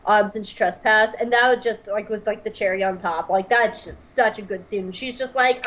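A woman's voice: mid-range voice, fairly even intonation, normal speed, hardly any pauses, fairly bright tone, muffled recording. A woman co-hosting a podcast, recapping an episode in a casual, gushing way full of "like". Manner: bubbly, gushing, filler-heavy. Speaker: podcast co-host.

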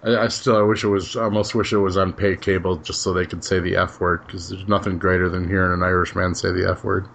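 A man's voice: low-pitched, flat delivery, quick pace, vocal fry, few pauses, fairly bright tone, a little hiss or hum. A man hosting a casual podcast chat, laid-back and chuckling, often trailing off his sentences. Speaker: podcast host.

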